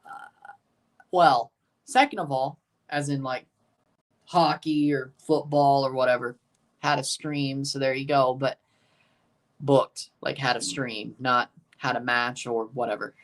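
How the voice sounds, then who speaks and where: A man's voice: mid-range voice, fairly even intonation, measured pace, long pauses, fairly bright tone. A man hosting a live match watchalong, chatting casually, rambling and answering his chat. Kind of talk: casual live reaction commentary.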